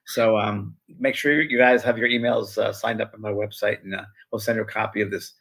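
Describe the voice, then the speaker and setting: A man's voice: lowish voice, fairly even intonation, fairly quick, vocal fry, a bit bright, poor audio. An older man co-hosting a spiritual talk show, telling stories casually with lots of fillers and restarts. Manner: rambling, with many fillers and restarts. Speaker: co-host, spiritual medium. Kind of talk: casual conversational storytelling.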